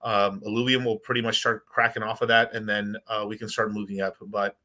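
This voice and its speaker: A man hosting a casual crypto livestream, rambling and excitable as he chats with viewers. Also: on the low side, brisk.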